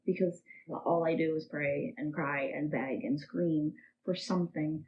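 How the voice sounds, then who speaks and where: Low-voiced young woman, candid and halting. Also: muffled recording, a little hiss or hum. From United States. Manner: candid, emotional, halting with restarts. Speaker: interview guest. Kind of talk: personal storytelling interview.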